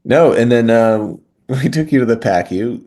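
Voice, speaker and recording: A man who is a podcast guest, chatting in a relaxed way, laughing easily. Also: mid-range voice, unhurried. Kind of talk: casual chat.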